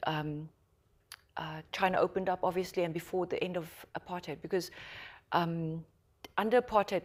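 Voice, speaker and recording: A South African woman with a fairly low voice, speaking as a journalist on a panel. She tells her story with animation and loops back on herself as she talks. Her delivery is expressive, and she mimics other people when she quotes them. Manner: lively storyteller who acts out quotes, with many restarts. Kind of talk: panel discussion anecdote.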